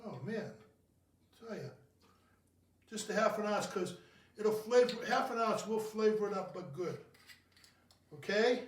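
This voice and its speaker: A man's voice: sits high, lively intonation, measured pace, pauses often, recorded from a distance. A man hosting a casual home cocktail video, rambling and joking about himself as he mixes a drink. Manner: jokey, rambling, self-mocking. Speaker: cocktail show host. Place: home kitchen. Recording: roomy, from off the mic.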